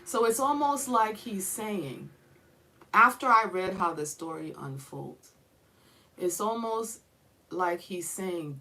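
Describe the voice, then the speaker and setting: A woman's voice: medium pitch, expressive, slow, sharp tone, poor audio. A woman giving a casual Bible teaching in a conversational way, asking questions and checking in with her listeners often.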